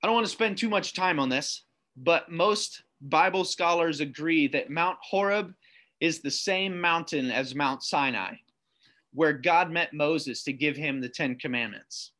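A man preaching a sermon to viewers, reading scripture aloud, slowing down on key phrases and posing questions to the listener. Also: fairly high pitch, pushed and bright. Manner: reads scripture aloud, slows down for emphasis, asks the listener questions. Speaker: pastor.

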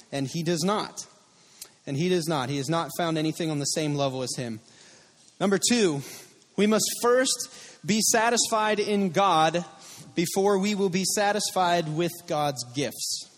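Earnest male pastor in a reverberant hall. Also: fairly high pitch. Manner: earnest, personal storytelling with repeated key phrases. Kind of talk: sermon. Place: church sanctuary. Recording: long reverb of a church hall.

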